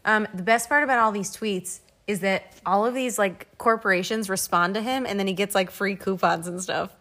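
A woman co-hosting a relaxed podcast chat, her voice sitting in the middle of the usual range. She reads tweets aloud with amused emphasis and laughs easily between lines. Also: medium pitch, normal speed. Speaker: podcast co-host. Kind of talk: casual chat about a reality show.

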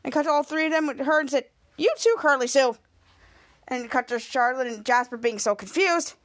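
A woman with a high voice hosts a podcast and recaps a TV episode. She rambles and restarts often, and slips into the characters' lines as she goes. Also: fast, fairly bright tone. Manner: rambling retelling with many restarts, acting out lines. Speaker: podcast host.

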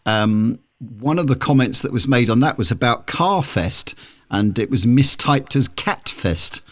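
A man chats in a playful, cheeky way as a co-host. His pitch rises and falls a great deal, and his voice sits in the middle of the male range. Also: expressive, a little slow. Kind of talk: casual chat.

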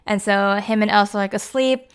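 A woman's voice: mid-range voice, fairly even intonation, a little fast, smooth. A young woman casually retelling a film's plot in a chatty, filler-heavy way, acting out the characters' lines as she goes. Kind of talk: casual film recap.

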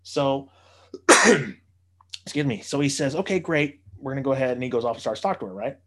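A man telling a casual anecdote, animated, swearing freely and acting out the voices of the people he quotes. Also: medium pitch, fairly quick. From United States.

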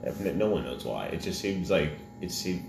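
A man co-hosting a podcast in casual chat, joking and animated. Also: low-pitched, moderate pace, vocal fry, echoey room, slight background noise. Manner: joking, animated, laughs often. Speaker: podcast co-host.

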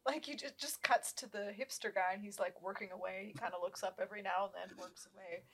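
A woman's voice: mid-range voice, fast, a bit bright, a little hiss or hum. A woman co-hosting a horror film podcast in a chatty, laughing way with lots of "like" fillers. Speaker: podcast co-host. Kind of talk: casual chat.

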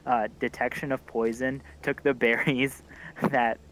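A man narrating as game master in a relaxed way, with many fillers. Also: mid-range voice, unhurried, slight background noise.

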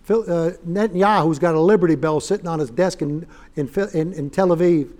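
Preacher guy, high voice, folksy, gets loud and fired up in church. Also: fairly quick. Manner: folksy, rising to shouted emphasis. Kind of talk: fiery sermon.

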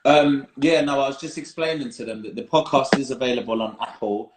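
A man's voice: mid-range voice, fairly even intonation, brisk, background noise. Emphatic London man co-hosting a podcast. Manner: playful, emphatic storytelling, spells words out for effect. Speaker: podcast co-host. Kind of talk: casual chat.

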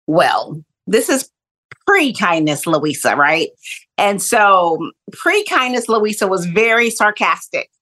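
A middle-aged woman, a kindness coach, tells a personal story in an animated way, acting out the voices she quotes. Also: medium pitch, unhurried. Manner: animated, acts out quoted voices, laughs often.

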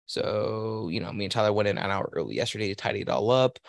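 A man's voice: on the low side, fast, gravelly, dry recording. Cursing, rambling podcast guy. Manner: profane, rambling storytelling. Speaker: podcast host. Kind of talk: casual chat.

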